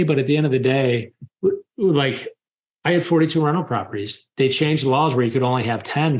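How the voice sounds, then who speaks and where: Candid man telling his story. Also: mid-range voice. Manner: open, confessional, animated when retelling scenes. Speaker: guest.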